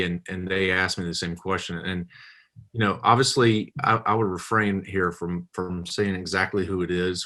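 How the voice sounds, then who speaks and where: A man's voice: low voice, a bit bright. A man with a Southern accent, chatting as a podcast guest and telling stories with lots of fillers. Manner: chatty storyteller, many fillers. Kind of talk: casual chat.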